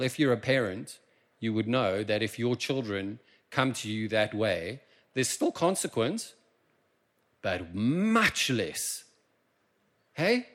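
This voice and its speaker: A South African man preaching a sermon in church, impassioned and swinging from quiet asides to loud emphasis. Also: medium pitch. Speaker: pastor.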